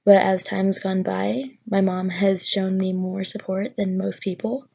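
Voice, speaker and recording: A woman's voice: medium pitch, flat delivery, a little slow, gravelly, a little mellow, husky, lo-fi sound. A young woman telling a personal story in a vlog, nervous and rambling with many fillers. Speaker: vlogger.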